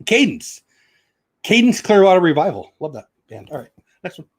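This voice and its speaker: A middle-aged man hosting a casual vlog, reading a children's rhyming book aloud in a bouncy sing-song rhythm. His slightly high voice swings widely in pitch, and he breaks off for chatty asides. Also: big pitch swings, moderate pace, slightly rough. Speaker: channel host.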